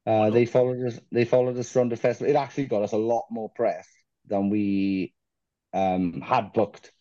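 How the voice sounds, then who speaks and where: A man rambles through self-deprecating stories in a casual interview, swearing now and then. His voice is mellow and dark, recorded close and dry. The sound is a little muffled. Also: lowish voice, fairly even intonation, normal speed, dry recording. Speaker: musician guest.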